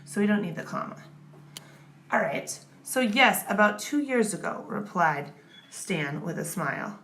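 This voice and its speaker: Unhurried and expressive, a woman with a medium-pitched, fairly bright voice explains grammar step by step in classroom fashion. She patiently checks in with the listener, often saying "okay?" and "right?".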